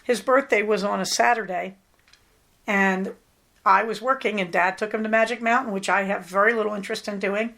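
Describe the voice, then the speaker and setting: A woman's voice: medium pitch, steady tone, brisk, creaky, a bit bright. A middle-aged woman from Southern California hosting a podcast in a chatty, rambling, affectionate way. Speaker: podcast host. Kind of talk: casual chat.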